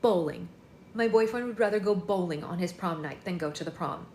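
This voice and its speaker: A woman's voice: fairly low pitch, steady tone, normal speed, slight background noise, lightly acted. A woman reading the lines of a dramatic, emotional teenage girl in an echoey room, indignant and pleading. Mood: upset.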